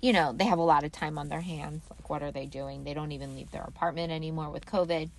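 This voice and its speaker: Chatty woman with a lowish voice. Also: steady tone, slight background noise. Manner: chatty, wry storytelling with quick asides. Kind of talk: casual chat.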